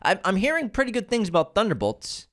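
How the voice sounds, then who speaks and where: A man's voice: high-pitched, quick pace. A man in casual podcast conversation, with a voice that rises and falls a lot. He jokes with his co-host and reads listener messages with playful emphasis. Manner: animated, joking banter, reads listener reviews aloud. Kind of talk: casual chat.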